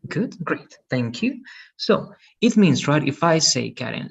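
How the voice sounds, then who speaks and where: A man's voice: fairly high pitch, sing-song, a little slow, gravelly, husky. A man teaching English in an online lesson, patient and repeating "okay" and "right" often, heard over a video call.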